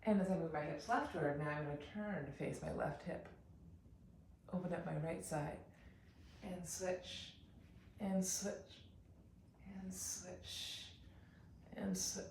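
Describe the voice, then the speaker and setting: A woman teaching a yoga class, calmly talking students through poses and breaths. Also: on the low side, distant mic, slight background noise. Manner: calm, unhurried cueing with breath counts. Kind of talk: guided yoga instruction. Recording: very echoey room, off mic.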